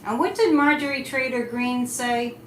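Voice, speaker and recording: A fairly high-voiced woman talks casually on a live stream, chatty and animated. The room is echoey, with a faint hiss of noise behind her. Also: normal speed. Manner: chatty and animated, reads chat comments aloud. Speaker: psychic livestream host.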